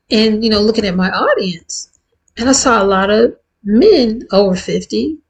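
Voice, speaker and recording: A woman in her fifties talking candidly and warmly to her viewers in a casual, heartfelt vlog. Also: mid-range voice, rough recording. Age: 50s. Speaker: vlogger. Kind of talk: casual chat to camera.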